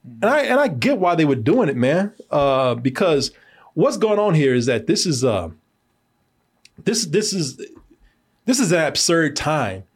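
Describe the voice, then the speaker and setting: A man's voice: fairly high pitch, very animated, measured pace, slightly rough. An American man hosting a film review podcast in casual chat. He talks animatedly, laughs often, swears and uses lots of fillers.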